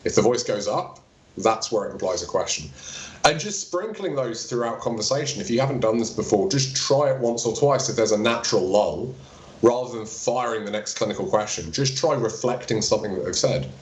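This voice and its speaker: Low-voiced man in an echoey room. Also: expressive, a little fast. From England. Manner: practical, explains with quoted examples. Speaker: chiropractor. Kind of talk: interview answer, explaining technique.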